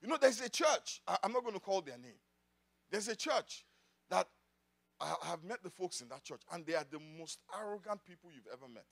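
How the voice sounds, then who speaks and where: Guy preaching in church, really high voice that jumps all over, goes loud then drops way down. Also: very animated, a little fast, gravelly. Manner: preaching with swings from loud declarations to quiet asides. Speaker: pastor. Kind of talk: sermon.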